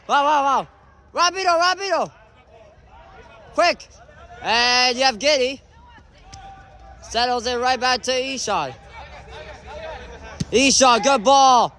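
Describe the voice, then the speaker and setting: A man calling an indoor soccer match live, his high voice bright and cutting. He speaks at an unhurried pace between bursts of excited shouts and exclamations. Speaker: amateur match commentator. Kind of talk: live play-by-play commentary.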